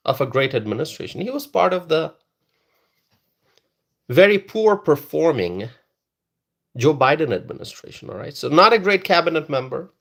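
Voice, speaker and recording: A political livestream host speaks straight to his chat, repeating phrases to drive his points home. His voice sits on the high side with noticeable vocal fry.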